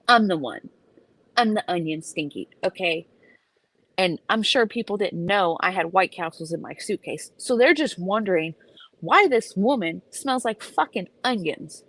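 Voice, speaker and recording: Casting: young adult woman, a little low-pitched, animated and profane, telling a casual story. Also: dry recording. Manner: animated, profane, emphatic retelling. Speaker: vlogger.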